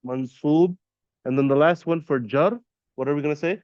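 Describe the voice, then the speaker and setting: A man teaching a classroom lesson, patiently quizzing students and repeating terms slowly. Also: fairly high pitch, no echo, lo-fi sound. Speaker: Arabic teacher. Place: classroom at an Islamic center.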